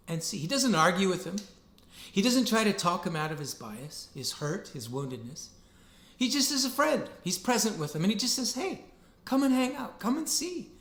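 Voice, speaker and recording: Animated man preaching in an echoey room. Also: on the high side. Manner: animated, earnest preaching with rising emphasis. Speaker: pastor. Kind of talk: sermon. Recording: roomy echo.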